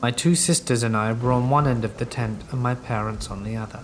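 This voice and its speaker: A man reads horror stories aloud in a calm, measured way, with a voice of ordinary pitch for a man. Soft, steady rain sits faintly in the background. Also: a little hiss or hum. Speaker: horror story narrator. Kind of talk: scripted first-person horror narration. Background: steady rain sounds.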